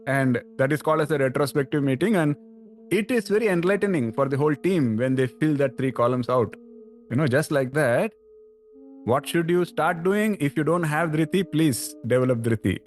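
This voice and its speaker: A man's voice: moderate pace, soft background music. A man giving a casual spiritual talk to a study group, conversational, often restarting phrases and lifting his voice for emphasis. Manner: conversational, fillers and restarts, rises in pitch for emphasis. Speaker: spiritual teacher.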